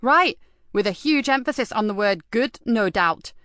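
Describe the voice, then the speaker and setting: A woman's voice: fairly high pitch, expressive, normal speed, a bit bright, no room sound, clean studio sound, pitched above the performer's own voice. A woman reading an audiobook, voicing a sarcastic, defiant female detective inspector with a raised, emphatic delivery. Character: hard-drinking, sardonic female detective inspector. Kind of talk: audiobook character voice.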